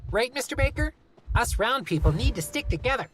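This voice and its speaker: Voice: mid-range voice, lively intonation, brisk, background noise, pitched above the performer's own voice, lightly acted. A reader voicing a blunt, scowling young girl in an audiobook. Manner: sullen and blunt. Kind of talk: audiobook character voice.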